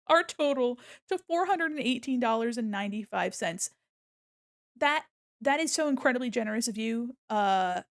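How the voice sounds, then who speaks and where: A young adult woman hosting a charity live stream, gushing and excitable, often laughing as she thanks donors. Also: fairly high pitch, vocal fry. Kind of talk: casual live-stream chat.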